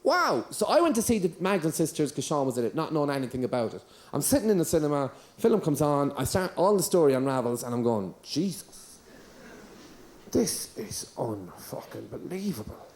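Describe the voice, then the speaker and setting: A man doing a stand-up routine, telling a long story in a deadpan style. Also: fairly high pitch, fast talker, hardly any pauses. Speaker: stand-up comedian.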